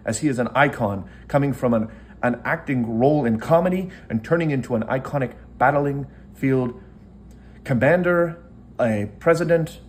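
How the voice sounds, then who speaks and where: A man's voice: medium pitch, slight background noise. A man from the United States giving impassioned political commentary as an online commentator, earnest and rousing, piling up repeated phrases.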